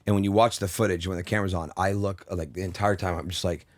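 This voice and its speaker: A male comedian telling an animated story on a podcast, often restarting his sentences. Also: sits low, fast talker, few pauses, no echo. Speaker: comedian guest.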